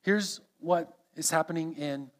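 A man with a notably high speaking voice delivers an earnest sermon. He teaches through a scripture passage verse by verse, explaining each part as he goes. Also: unhurried. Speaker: preacher. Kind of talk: expository sermon.

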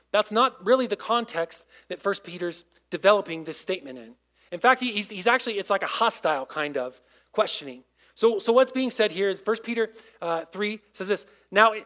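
A man's voice: sits high, fairly bright tone. A man giving a casual, conversational sermon as a youth pastor, often asking his listeners questions.

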